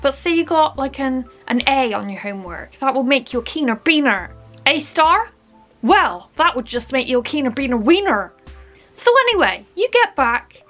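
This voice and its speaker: A woman's voice: sits high, very animated, moderate pace, fairly bright tone, soft background music. A young woman from Bristol with a Bristolian accent, chatting playfully in a comedic vlog. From Bristol, England. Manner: playful, chatty, acts out little scenes. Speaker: vlogger.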